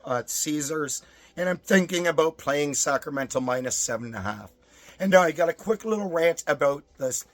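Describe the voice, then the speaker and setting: Brief: hoarse, strained man, sports tipster reading stats, dry close sound. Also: on the high side, no room sound. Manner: rattles off stats in list form. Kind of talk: casual betting picks and rant.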